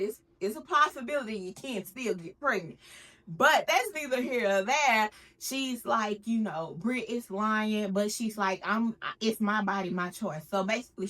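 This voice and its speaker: Host woman, bright voice, animated slangy casual recap chat, home kitchen. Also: fairly high pitch. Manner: chatty, animated, slangy and opinionated. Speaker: recap vlogger. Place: home kitchen while cooking.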